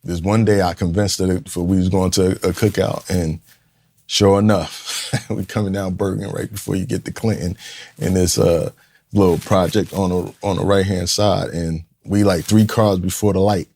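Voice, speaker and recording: Low-voiced blunt storytelling man. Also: fairly even intonation, normal speed, darkish tone. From Newark, New Jersey, USA. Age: 50s. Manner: raw, blunt and profane, with streetwise phrasing; vividly acts out the people he quotes. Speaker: podcast guest, community leader. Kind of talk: candid personal storytelling in an interview.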